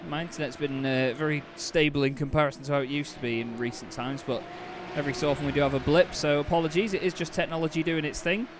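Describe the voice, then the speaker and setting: Chatty British-based race commentator, higher voice. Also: male voice, steady tone, fast talker, few pauses, noisy background. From Britain. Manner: chatty, laughs often, banters with co-commentator. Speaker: sim racing commentator.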